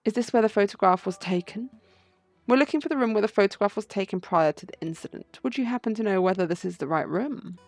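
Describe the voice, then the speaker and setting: Woman reading a measured bird attorney. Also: medium pitch, no room sound, faint music behind, close to an everyday voice. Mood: probing. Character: composed male bird attorney, lead investigator. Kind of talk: game playthrough read-aloud.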